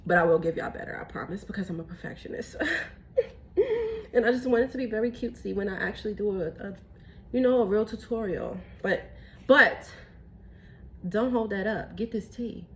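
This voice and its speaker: A woman chatting excitedly through a casual phone tutorial at home, saying y'all. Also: mid-range voice, moderate pace, pauses often. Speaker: tea seller showing her teas.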